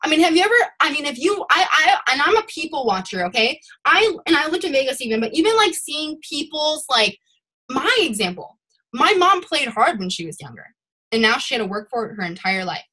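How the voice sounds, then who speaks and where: A young woman leading her sales team over a video call, giving a rambling, animated motivational talk. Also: high voice, a little fast. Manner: rambling and animated, admits to ranting.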